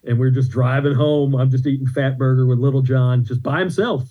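A man's voice: mid-range voice, steady tone, normal speed, lo-fi sound. A man, a comedian on a podcast, telling rambling stories in a casual chat with restarts. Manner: rambling anecdotes with restarts and laughs.

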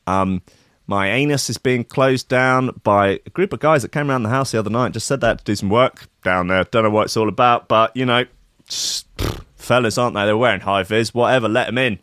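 A young man hosting a casual livestream, rambling and swearing with sudden loud outbursts. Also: medium pitch, a little fast, dry recording, clean studio sound. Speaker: livestream host. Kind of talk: casual profane livestream commentary.

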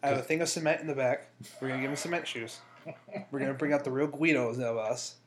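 Fast-talking joking podcast man. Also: medium pitch, steady tone, noisy background. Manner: fast joking banter with profanity. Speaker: podcast co-host. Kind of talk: casual podcast chat.

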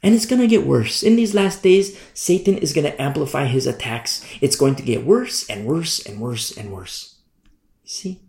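A man preaching a sermon as pastor, hammering his points by repeating them and swinging between loud and hushed. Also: on the high side, animated, moderate pace, creaky. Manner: emphatic, repetitive preaching with sharp swings in loudness. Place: church room. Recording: roomy echo.

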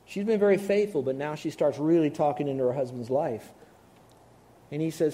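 A male preacher giving an animated, emphatic sermon and calling on the audience to respond. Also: fairly high pitch, moderate pace.

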